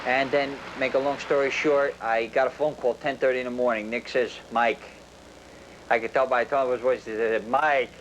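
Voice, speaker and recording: A man's voice: medium pitch, fairly even intonation, normal speed, a bit bright. A middle-aged man, a retired police officer telling his story in documentary narration. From New Jersey. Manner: plain-spoken storytelling that acts out quoted dialogue. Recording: noisy documentary audio.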